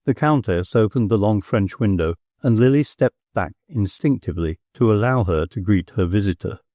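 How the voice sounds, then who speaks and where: A man narrating an audiobook in a measured, expressive storytelling manner on a close mic. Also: lowish voice, no room sound. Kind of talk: scripted narration.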